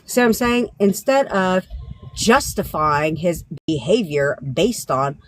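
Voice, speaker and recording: A woman's voice: lowish voice, animated, slow. Blunt, profane woman ranting on a livestream. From Southern California. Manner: blunt, profane, laughing often. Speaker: manifestation coach. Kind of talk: live-stream rant.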